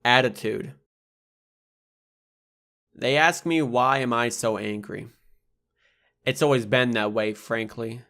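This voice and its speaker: A man's voice: mid-range voice, level tone, unhurried, a bit bright. A young man reading his own spoken-word poetry aloud, in a rhythmic, rhyming delivery full of blunt swearing.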